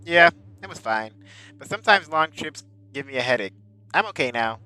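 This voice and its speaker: A man's voice: mid-range voice, lively intonation, normal speed, bright, forceful tone, smooth, faint music behind, rough recording. A man reading the lines of a young boy in a horror game, barely changing his own voice. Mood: plain.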